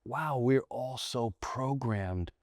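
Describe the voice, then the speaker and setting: A middle-aged American man, a comedian guest on a podcast, telling candid stories in animated bursts with restarts and acted-out voices. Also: mid-range voice, slow pace, dry recording, studio quality. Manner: animated storyteller, acts out quoted voices, frequent restarts. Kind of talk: candid storytelling in a long-form interview.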